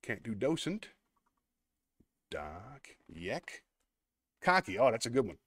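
A man's voice: mid-range voice, very animated, slow pace, a bit bright. A man hosting a casual online show, chatting as he plays a word game, thinking aloud and poking fun at himself, then thanking his viewers sincerely. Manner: chatty, self-mocking, thinks aloud while playing. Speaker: host. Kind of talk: casual livestream chat while playing a word game; warm heartfelt sign-off to viewers.

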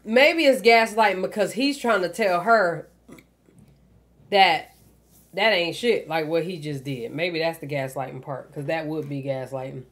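A woman's voice: low voice, unhurried, fairly bright tone, a little hiss or hum. A woman hosting a reaction video, giving candid, profane commentary with lots of fillers. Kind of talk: casual commentary on a clip.

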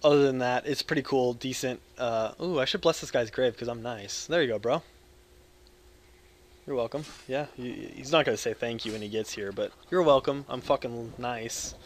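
Loud rambling crude young man. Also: mid-range voice, normal speed, a little hiss or hum. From United States. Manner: loud, jokey, crude, swings between yelling and mumbling. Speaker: gaming video creator. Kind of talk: rambling live gameplay commentary.

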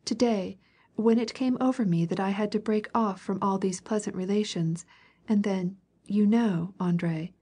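A woman's voice: medium pitch, normal speed, breathy edge, natural voice. A woman reading as a capricious young princess. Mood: pleading. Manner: lively, complaining, pleading. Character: fretful young pregnant princess, capricious and vivacious.

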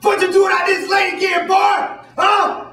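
A cruel slave master, furious and shouting every line, as a man puts him on in a storytelling piece. The voice is pitched high and strained. The sound is echoey and distant, like a live room heard from the back. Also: flat delivery, a little slow, full character voice. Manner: yelling, scolding, repeats "boy".

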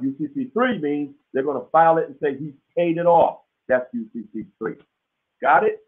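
Husky-voiced man hosting a webinar over tinny audio. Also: a little high. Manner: folksy, emphatic, keeps checking in with listeners. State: dry throat. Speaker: webinar host teaching business credit. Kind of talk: casual live webinar lecture. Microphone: webinar call audio.

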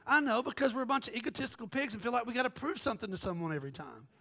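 A man's voice: very high voice, racing, vocal fry. A man preaching a sermon as pastor, telling a story with quoted voices and jokes. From American South. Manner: animated, joking, jumps between quoted voices.

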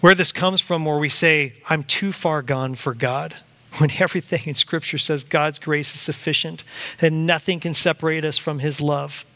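A man preaching a church sermon, animated and acting out quoted voices to the congregation. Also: a little high, moderate pace. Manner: animated, acts out voices of God and Satan. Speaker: pastor. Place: church sanctuary.

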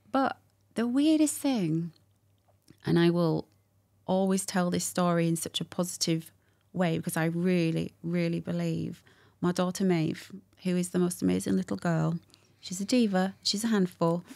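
A woman's voice: on the low side, moderate pace, creaky. A woman, a guest candidly telling a personal story with laughter and quoted dialogue. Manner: warm, laughing, animated retelling with quoted dialogue.

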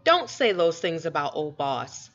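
A woman's voice: deep voice, big pitch swings, measured pace, a bit bright, exaggerated voice. A woman voicing an earnest young girl who speaks plainly and folksy, pleading to be understood. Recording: dull lo-fi recording.

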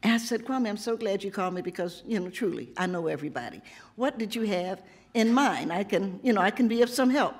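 A woman of seventy from Tennessee, hoarse from losing her voice, reading a poem and then chatting playfully with an audience, laughing often. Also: mid-range voice, animated, brisk. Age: 70s. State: hoarse, has lost her voice. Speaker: poet at an author visit. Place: public library event before an audience.

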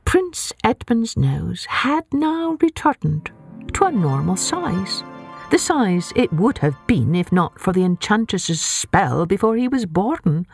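Expressive woman reading a children's story. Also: mid-range voice. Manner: expressive, gentle. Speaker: storyteller, podcast host.

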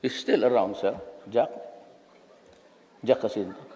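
A man's voice: on the low side, unhurried, mellow, a little hiss or hum. A man in his seventies from the Philippines, giving a rambling, anecdotal speech as guest speaker at an alumni event. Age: 70s. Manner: rambling, storytelling, mixes languages. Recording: echoey hall.

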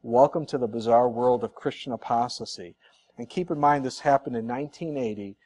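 A man's voice: medium pitch, a little fast, a little mellow. A man preaching a sermon as pastor, earnest and conversational, repeating points for emphasis with casual asides.

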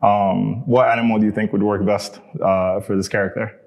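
A man casually directing an AI through character voices, hesitant and relaxed, with many fillers. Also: on the low side, moderate pace, vocal fry. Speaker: user directing an AI voice. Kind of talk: casual spoken prompting.

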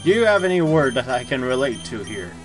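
A young adult streamer giving casual, excitable commentary while gaming, swearing, laughing often and stammering. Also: medium pitch, brisk, over music.

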